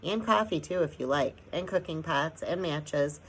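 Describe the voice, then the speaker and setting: A woman's voice: low-pitched, normal speed, husky, rough recording. Woman voicing an earnest young boy. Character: eager kind young boy. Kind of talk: audiobook reading.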